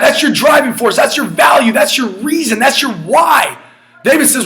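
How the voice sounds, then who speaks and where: Male preacher, high bright voice, punchy repetitive delivery, frequent shouts. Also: animated, normal speed. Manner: emphatic, repetitive, often shouting. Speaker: motivational speaker. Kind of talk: energetic motivational sermon.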